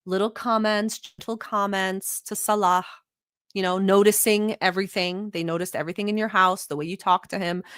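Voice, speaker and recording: A woman's voice: lowish voice, fairly bright tone, clean tone, dry recording, clean studio sound. A woman from the Middle East hosting a casual reaction video, with blunt, profane commentary and frequent laughing asides. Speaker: reaction vlogger host.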